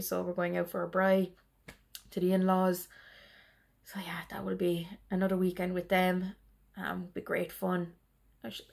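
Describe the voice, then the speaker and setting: A woman's voice: fairly low pitch, vocal fry, a little mellow. A tired woman chatting casually in a rambling way on her cross-stitch vlog, laughing often. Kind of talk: casual chat.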